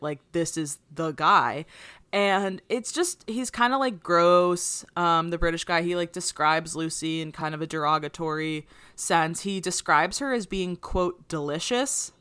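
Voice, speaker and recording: A woman's voice: on the low side, a little slow, a bit bright, clear, resonant tone. Rambling young woman podcaster. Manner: rambling, filler-heavy retelling. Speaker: podcast co-host. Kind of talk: casual chat recapping a movie.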